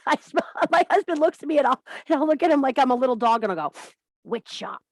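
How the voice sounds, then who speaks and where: Lively, bawdy woman hosting a witchy chat. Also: high-pitched, rapid-fire, no room sound. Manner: bawdy, swears freely, laughs often at her own jokes. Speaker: host of a witchcraft and wellness group. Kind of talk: casual spiritual coaching talk.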